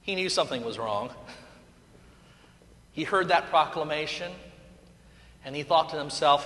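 Casting: high-voiced, bright male preacher, slow and expressive sermon delivery. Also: in a large hall. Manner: animated storytelling with playful asides.

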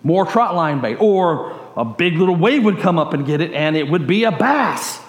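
A male pastor preaching a sermon as a lively story, stringing his sentences together with "and" as the excitement builds. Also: a little high, normal speed. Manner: animated, builds excitement in long chains of "and". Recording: roomy echo.

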